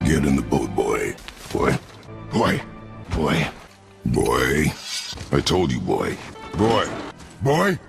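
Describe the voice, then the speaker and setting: An actor playing a stern, gruff warrior father in a video game, curt and commanding, with a deep gravelly rumble. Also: wildly swooping pitch, drawn-out words, pauses often, music in the background, heavily acted. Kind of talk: video game cutscene acting. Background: loud game score.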